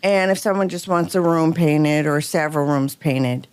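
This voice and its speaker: A radio talk show host who also works as a real estate broker introduces her guests in a chatty, upbeat way. Her voice is deep, smooth and darkish, at a moderate pace.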